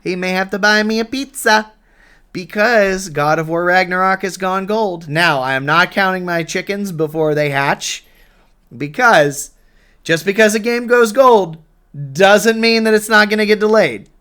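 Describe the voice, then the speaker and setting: A man's voice: high-pitched, a little slow, fairly bright tone, clear, resonant tone. A man hosting a casual gaming podcast, rambling and joking with lots of fillers. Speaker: podcast host.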